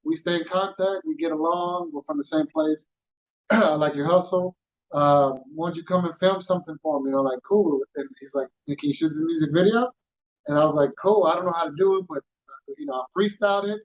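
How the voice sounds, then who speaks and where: A man's voice: a little high, fairly quick, muffled recording. Man telling a story on a podcast. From Houston, Texas. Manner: animated storyteller, acts out quoted voices, street slang. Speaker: podcast guest. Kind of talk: casual storytelling.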